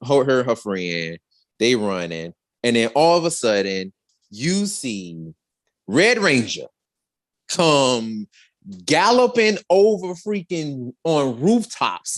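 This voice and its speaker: Deep-voiced animated woman podcaster. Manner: animated, acts out scenes in exaggerated voices. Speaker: podcast co-host reviewing a show. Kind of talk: casual chat.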